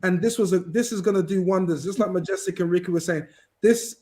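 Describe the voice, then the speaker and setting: A man chatting casually as a fan on a football podcast, rambling and animated with many restarts. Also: high voice, fast talker. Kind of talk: casual chat.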